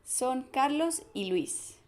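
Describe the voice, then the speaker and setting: Slow, high-voiced woman teaching a lesson. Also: lively intonation, a little mellow. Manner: slow, deliberate, spelling out examples. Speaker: Spanish teacher. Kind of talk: scripted language lesson.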